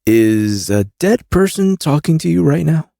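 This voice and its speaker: A man's voice: a little high, sing-song, unhurried, gravelly, dark tone, no room sound, studio quality, pitched above the performer's own voice, exaggerated voice. A man voicing a wry, queasy young smuggler in an audiobook, with a whiny, wisecracking delivery. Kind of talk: audiobook character voice.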